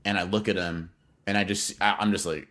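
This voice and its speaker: A young man co-hosting a podcast, telling an animated, profane story in casual slang. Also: low voice, fairly quick. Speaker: podcast co-host.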